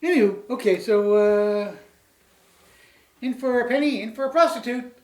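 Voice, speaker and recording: This Canadian man co-hosts a relaxed beer-tasting chat, full of jokes, tangents and frequent "anywho"s. He speaks at a normal speed in a very high voice, picked up by a distant mic in an echoey room.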